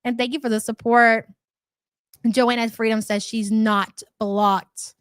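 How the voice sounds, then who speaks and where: A woman's voice: a little high, little pitch movement, slow, smooth, no room sound. A woman hosting a casual livestream commentary, sarcastic and scornful, greeting chatters by name as she goes.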